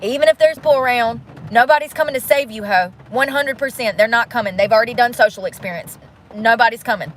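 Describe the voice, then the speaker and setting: A woman's voice: a little high, fast talker, slight background noise. A young woman venting and swearing to her phone camera from inside a parked car during rain. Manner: frustrated, swearing, ranting. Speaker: vlogger living in her car. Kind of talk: venting vlog.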